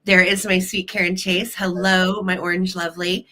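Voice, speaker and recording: A bubbly woman hosts a live sale, greeting her viewers one by one with silly nicknames. Her voice is bright and forward, though she is nursing a cold. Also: fairly low pitch, flat delivery, moderate pace. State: has a cold. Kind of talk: casual live-stream chat.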